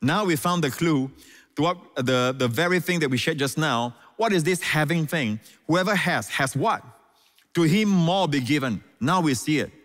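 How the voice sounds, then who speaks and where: A man's voice: on the high side, expressive, normal speed, fairly bright tone. A man teaching scripture as a guest on a talk show, emphatic and fond of repeating key words, with frequent fillers. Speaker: pastor and guest.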